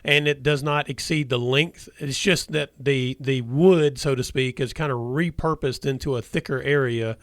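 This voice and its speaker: A man's voice: mid-range voice, steady tone, normal speed, few pauses, no echo, clean studio sound. Rambling sports radio host, man. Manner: rambling, hesitant, many restarts. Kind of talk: casual sports talk.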